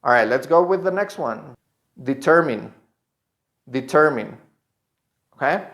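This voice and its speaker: A man teaching English pronunciation, saying each model word slowly twice and checking in with "okay?". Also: fairly high pitch, animated, fairly bright tone. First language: Spanish. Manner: slow, drawn-out model words repeated twice with a checking "okay?". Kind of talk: online pronunciation lesson.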